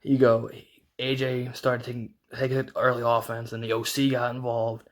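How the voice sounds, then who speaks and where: A man giving a casual, excited recap as a wrestling reviewer, rambling with lots of restarts and fillers. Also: medium pitch. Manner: rambling, fast retelling full of "like" and restarts.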